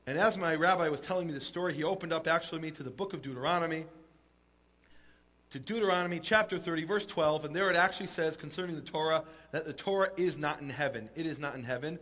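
Male preacher-storyteller, high voice, animated narration. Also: fast talker. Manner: animated, rising voice at climaxes. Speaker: speaker. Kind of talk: storytelling sermon.

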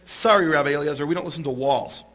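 A man voicing a group of scholars who flatly refuse to be moved. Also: fairly high pitch, fast, pitched below the performer's own voice. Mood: dismissive. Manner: flat, apologetic refusal. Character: group of dismissive male scholars, unmoved.

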